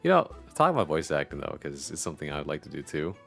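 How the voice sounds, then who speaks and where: A man's voice: a bass voice, very animated, fast talker, gravelly, soft background music. A man hosting a livestreamed talk show, chatting casually and playfully. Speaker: streaming show host. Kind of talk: casual chat.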